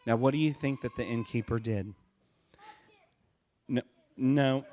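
A man's voice: medium pitch, a little slow, pauses often, a little hiss or hum. A man leading a church service, telling a picture-book story and asking the audience questions. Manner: animated, asks the audience questions. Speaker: pastor.

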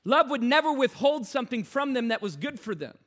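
A man with a very high-pitched voice preaches a sermon. He tells stories in a hushed voice, then builds to loud, urgent calls to his listeners. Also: very animated, brisk. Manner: swings from hushed storytelling to loud exhortation.

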